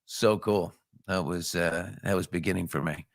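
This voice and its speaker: A middle-aged man with a low voice hosts a casual morning show, greeting viewers in a bouncy, upbeat way. The sound is dry and close, recorded in a home studio. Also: steady tone, moderate pace, dry recording. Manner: upbeat, shouting out viewers with jumps in pitch. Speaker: host.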